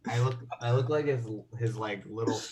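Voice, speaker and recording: A man's voice: mid-range voice, normal speed, over a noisy crowd. A British man, a guest filmmaker, chatting casually and mocking himself with laughs. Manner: self-mocking, laughs often. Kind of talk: casual chat. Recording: clear background noise.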